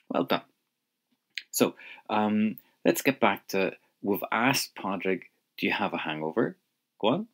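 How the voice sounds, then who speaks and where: A man's voice: deep voice, expressive, a little slow. A man teaching an audio language lesson, patiently prompting the listener to answer.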